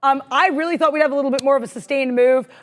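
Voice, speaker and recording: A woman co-hosting a live trading stream, excitable and rambling, jittery with adrenaline. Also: high-pitched, rapid-fire. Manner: excitable, rambling, self-deprecating. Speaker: stream co-host, day trader.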